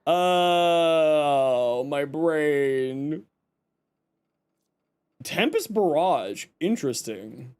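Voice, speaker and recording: A man from Canada hosts a live stream, talking casually and reading his chat. He jokes, groans and complains with playful exasperation. His voice sits fairly high for a man. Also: animated, drawn-out words, pauses often, darkish tone, clear, resonant tone. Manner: chatty, exasperated, joking, reacts to chat.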